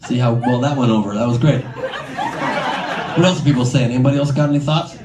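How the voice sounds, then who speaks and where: A man's voice: mid-range voice, huge pitch swings, brisk, roomy sound, background noise. A man doing improvised crowd work on a comedy club stage, teasing the audience in a brash, profane way. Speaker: stand-up comedian. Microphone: handheld stage mic. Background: laughing crowd.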